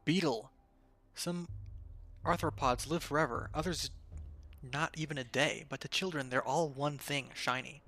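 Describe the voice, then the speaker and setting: A man's voice: a little high, steady tone, measured pace, bright, forceful tone, slight background noise. A man streaming a game, chatting casually in an offhand, joking way and reading item text aloud. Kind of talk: casual gameplay commentary.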